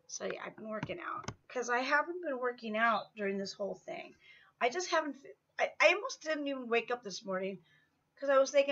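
A woman's voice: a little high, expressive, normal speed, a bit bright, muffled recording. A woman chatting in a casual vlog update while pedaling an exercise bike at home, slightly out of breath and rambling with many fillers. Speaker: vlogger.

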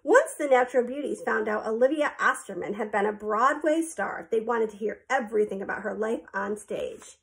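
A woman narrating a children's storybook in a clear, even storytelling manner. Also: on the high side, moderate pace, few pauses. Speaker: audiobook reader.

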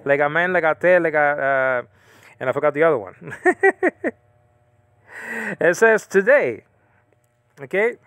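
A man teaching the Bible in a casual, rambling monologue, often correcting himself and slowly reading out Greek words. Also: fairly high pitch, animated, fairly bright tone, clean tone, dry recording.

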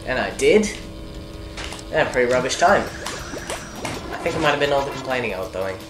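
Low-voiced woman rambling over gameplay. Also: lively intonation, moderate pace. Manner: rambling, jokey, talks to herself. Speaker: gaming commentator. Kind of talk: let's play commentary. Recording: echoey room with game music behind.

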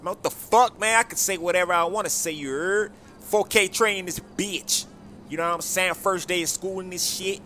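A man voicing a menacing young male rapper in a game role-play, swearing and threatening in slow street talk. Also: high-pitched, bright, forceful tone, a little hiss or hum.

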